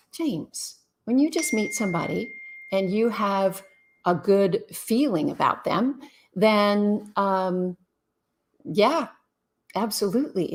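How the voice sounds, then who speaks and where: A woman from Canada hosting a live-stream Q&A on relationships, greeting viewers in a casual, chatty way and giving frank, brisk advice. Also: medium pitch.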